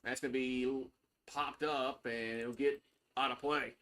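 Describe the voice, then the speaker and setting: A man's voice: medium pitch, fairly even intonation, unhurried, a bit bright. A man giving casual play-by-play on a live stream, loose and chatty, swearing freely. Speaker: live stream sports host.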